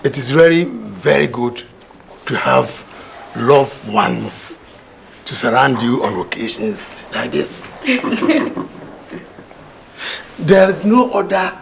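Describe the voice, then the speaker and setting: A man's voice: mid-range voice, very animated, slow pace, vocal fry, pauses often, a little hiss or hum, full character voice. An actor playing an older father with a Ghanaian accent, speaking formally and measuredly in a Ghanaian film drama. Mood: solemn. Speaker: father announcing remarriage.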